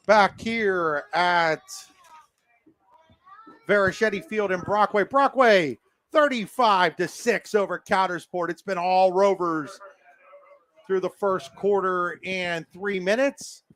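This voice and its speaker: A man with a high-pitched voice calls live high school football play by play. His calls come fast and excitable, with plenty of fillers and restarts along the way. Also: no room sound. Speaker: play-by-play announcer.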